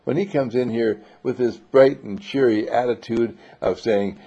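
A man with a dark, mellow voice delivers an inspirational spiritual talk. His delivery is lively, with a husky rasp and a gravelly fry, and he acts out the voices he quotes. The recording sounds dull and lo-fi. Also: medium pitch, measured pace. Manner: laughs between phrases.

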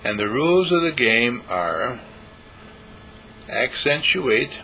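On a low-quality recording with faint hiss or hum, a man who hosts a spiritual talk show and serves as dean of a healing school delivers a preachy monologue full of rhetorical questions, speaking for imagined listeners. His medium-pitched, sharp voice is very animated but slow.

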